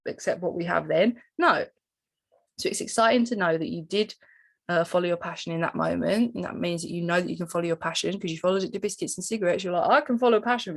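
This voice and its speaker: Woman coach, slightly low voice, chatty and animated with sudden high jumps. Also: no echo. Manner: animated, swoops up into high pitch for emphasis. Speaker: spiritual coach. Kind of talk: casual spiritual teaching monologue.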